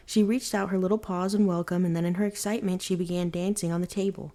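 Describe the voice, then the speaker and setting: Calm woman reading a bedtime tale. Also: fairly low pitch, fast, few pauses. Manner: calm, even storytelling. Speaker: storyteller.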